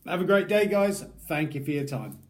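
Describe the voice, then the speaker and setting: A man's voice: fairly high pitch, animated, normal speed. A man talking casually to camera as a product reviewer, chatty and self-deprecating, rambling between asides.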